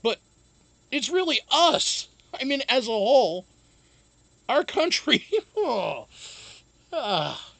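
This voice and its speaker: A man's voice: very high-pitched, big pitch swings, slow pace, gravelly, long pauses, fairly bright tone, no room sound. A man hosting a casual live stream, talking in a rambling, profane way and laughing often. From United States. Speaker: show host.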